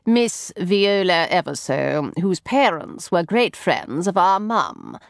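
A woman reading an audiobook, voicing a laconic, dryly amused Victorian detective in a calm, measured tone. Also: lowish voice, vocal fry, no room sound, studio quality, full character voice.

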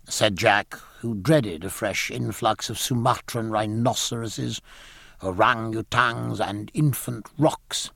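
A man narrating a novel in a measured, expressive reading. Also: fairly low pitch, gravelly, dry recording, clean studio sound. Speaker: audiobook narrator. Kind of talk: scripted narration.

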